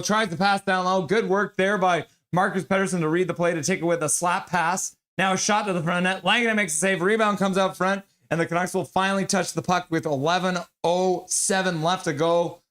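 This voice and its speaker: Man, hockey play-by-play, live stream host, reads chat aloud, slightly high voice. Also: fairly even intonation, brisk, few pauses, fairly bright tone.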